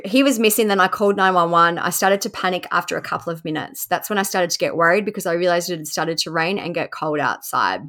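A woman's voice: on the low side, sharp tone. A woman hosting a podcast who narrates a case in a casual way, reading quotes aloud and adding asides. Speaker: podcast host. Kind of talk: casual true-crime narration.

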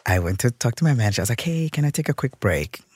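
A man in his thirties from Minneapolis, telling a personal story in an animated way and acting out the voices of others. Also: medium pitch, fast, breathy edge, no echo. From Minneapolis, USA. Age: 30s. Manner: animated, acts out quoted voices. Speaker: interview guest, drag performer.

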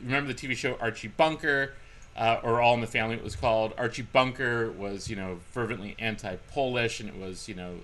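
A man in his forties, from California, co-hosting a podcast and telling stories in an animated, wry way. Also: mid-range voice, fairly quick, a little hiss or hum. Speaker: podcast co-host. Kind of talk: casual chat.

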